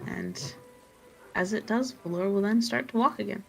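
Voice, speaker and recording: Calm woman describing her character. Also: medium pitch, vocal fry, rough recording. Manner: calm, descriptive, with filler pauses. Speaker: player. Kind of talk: describing her character's actions in a tabletop game.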